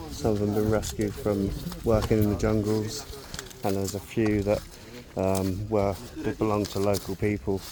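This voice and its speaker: A man vlogging casually outdoors at an elephant sanctuary, full of slang and calling everyone mate. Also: lowish voice. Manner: laddish, slangy, says "mate" a lot. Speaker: travel vlogger. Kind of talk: casual vlog chat.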